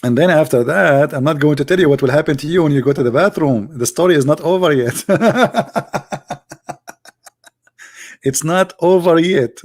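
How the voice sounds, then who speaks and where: Creaky-voiced man hosting a livestream. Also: a little high, fast talker, hardly any pauses. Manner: animated storyteller in non-native broken English. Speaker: livestream host. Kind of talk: casual livestream chat.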